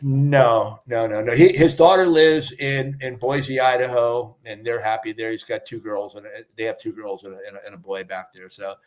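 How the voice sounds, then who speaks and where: An older man tells a story as a podcast guest, slipping into the voices of the people in it. He speaks casually with emotion, and his pitch sits in a middle range. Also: moderate pace, few pauses, a little mellow. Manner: emotional storyteller, acts out quoted dialogue. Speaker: podcast guest, retired fire battalion chief.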